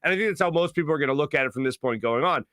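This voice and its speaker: A man's voice: fairly high pitch, expressive, racing, fairly bright tone, no room sound, studio quality. A man from the Philadelphia area hosting a sports talk show, speaking earnestly and emphatically about his city. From Philadelphia area, USA. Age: adult with young children.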